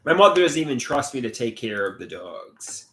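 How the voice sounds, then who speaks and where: A man hosting a casual livestream and reading out chat comments. He talks haltingly, with restarts, and sounds frustrated and glum. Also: medium pitch, sing-song, a bit bright. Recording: echoey room.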